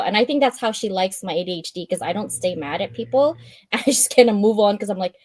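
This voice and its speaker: A woman hosting a live stream, reading out a checklist and chatting in an animated way, laughing often and acting out her own thoughts. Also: mid-range voice, brisk, dry recording.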